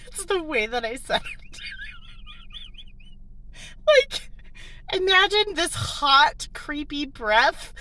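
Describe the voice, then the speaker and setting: Giggly high woman laughing to tears. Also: wildly swooping pitch, drawn-out words, long pauses, bright, forceful tone. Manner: giggly, laughs through her words. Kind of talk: casual storytelling to camera. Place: parked car in a grocery store lot.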